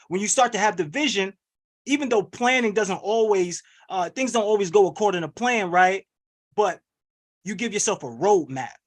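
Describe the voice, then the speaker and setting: High-pitched, fast-talking hype coach man. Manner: energetic, preachy, rallying call-and-response. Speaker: wealth coach hosting a webinar. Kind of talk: hype motivational webinar coaching. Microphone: video call.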